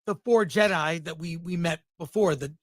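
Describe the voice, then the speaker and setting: Man, recapping episode, high voice, halting, explanatory, dry sound. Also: fairly bright tone, dry recording. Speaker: podcast co-host.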